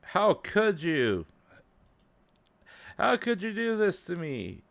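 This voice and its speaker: A man's voice: high-pitched, wildly swooping pitch, takes it slowly, vocal fry, a bit bright, no room sound, pitched above the performer's own voice, heavily acted. A man voicing a young female game club president, reading her hurt and accusing lines aloud in a raised voice. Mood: betrayed.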